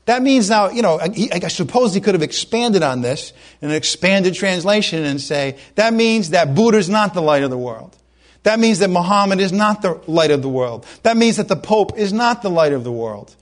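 A man preaches a fervent, emphatic sermon in a high-pitched, expressive voice, slowing down to read scripture and stumbling over his words when he gets worked up.

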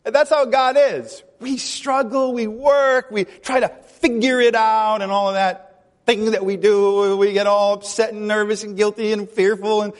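High-voiced pastor preaching in a hall. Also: male voice, level tone, normal speed. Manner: chatty, laughing often, acts out quoted voices. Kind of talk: sermon. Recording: long hall reverb.

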